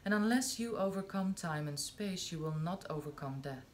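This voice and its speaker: Woman reads a spiritual talk aloud, unhurried and deliberate, low-ish voice, faint hiss behind. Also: expressive. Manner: slow, measured, with long pauses between phrases. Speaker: reader of spiritual texts. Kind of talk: reading a spiritual discourse aloud.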